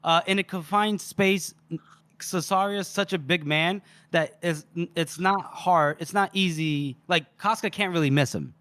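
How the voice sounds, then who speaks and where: Podcast co-host, male, high bright voice, lively storyteller, dry close sound. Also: measured pace, no echo. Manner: animated retelling, acting out character lines, swearing. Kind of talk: casual book recap.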